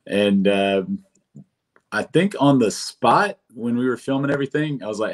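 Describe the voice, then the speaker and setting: A man's voice: medium pitch, moderate pace. A man, a brewery co-founder, talking casually as a guest, rambling with many fillers and restarts. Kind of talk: casual chat.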